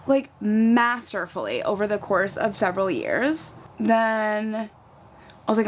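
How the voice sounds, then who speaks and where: A vlogger with a mid-range voice speaks at normal speed as she gets ready at home, applying makeup. She's a young woman from the US East Coast, casually chatting, sprinkling in "like" and acting out lively little retellings.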